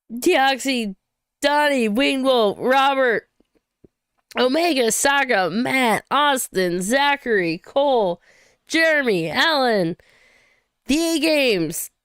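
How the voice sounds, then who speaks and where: Woman host from Saint Louis, bubbly casual stream chatter, clean smooth tone, dry close mic. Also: high-pitched, a bit bright, no echo. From Saint Louis, USA. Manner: bubbly, chatty, quick to laugh and cheer. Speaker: livestream host. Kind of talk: casual livestream chat.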